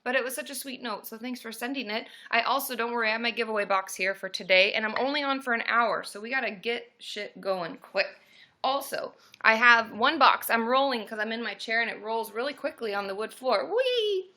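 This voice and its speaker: Woman chatting on a webcam live stream at home, bright high voice, bubbly, yells woo and yay a lot. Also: brisk. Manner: bubbly, greets viewers by name, bursts into loud cheers. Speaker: therapist hosting a live stream. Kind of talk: casual live-stream chat. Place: room at home.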